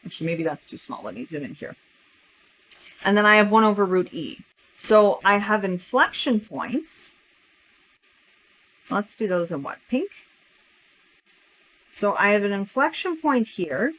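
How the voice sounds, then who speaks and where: A woman's voice: medium pitch, lively intonation, unhurried, long pauses, low-quality recording. A woman teaching a calculus lesson step by step, thinking aloud and correcting herself as she draws a graph. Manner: thinking aloud while drawing, self-correcting. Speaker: math teacher.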